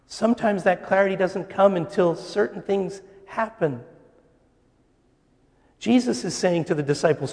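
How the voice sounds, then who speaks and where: A man preaching a sermon, slow and deliberate, with pauses. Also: sits high, a little mellow. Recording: long reverb of a church hall.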